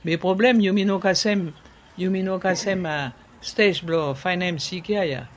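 A man, explaining things in an interview in a halting way, repeating words and slipping into French. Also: sits high, slight background noise. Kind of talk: conversational explaining.

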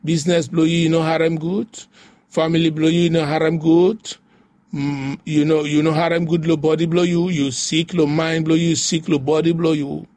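A man's voice: a little high, flat delivery, normal speed, a little mellow, dry recording. A man preaching a devotional sermon, repeating phrases in a rhythmic, rising way. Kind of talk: devotional sermon in pidgin English.

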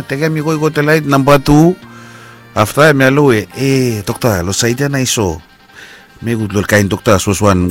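Man, radio host, rambling casual talk, faint music behind. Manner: rambling, animated, pitch jumps up on quoted lines. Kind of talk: casual radio talk with listener shout-outs.

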